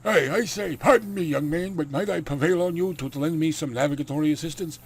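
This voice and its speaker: A man's voice: on the high side, fast talker, husky, voice pushed up. A man putting on a courtly Southern vampire gent. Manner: florid and courtly. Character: portly old-fashioned Southern vampire gentleman.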